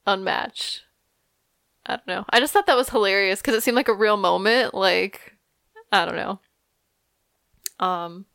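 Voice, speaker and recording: A young woman co-hosting a pop-culture chat show, talking loosely with plenty of filler words. Her voice is smooth and resonant, close on a studio mic in a dry room. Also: medium pitch, bright, forceful tone, no echo. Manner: chatty, lots of "like" and "I don't know". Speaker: podcast co-host.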